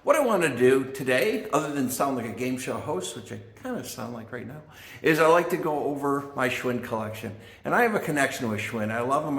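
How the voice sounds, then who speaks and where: A man's voice: medium pitch, creaky, fairly bright tone. An older man from the Chicago area hosting a casual vlog about his vintage bicycle collection, chatty and self-deprecating, with fillers and asides. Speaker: vintage bike collector and channel host. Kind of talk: casual show-and-tell vlog. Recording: echoey room with faint guitar music.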